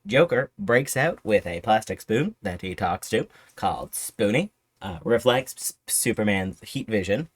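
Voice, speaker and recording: A man giving a rapid, profane, sarcastic retelling as a casual film reviewer. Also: fairly low pitch, expressive, breathy edge, no echo. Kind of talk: casual commentary.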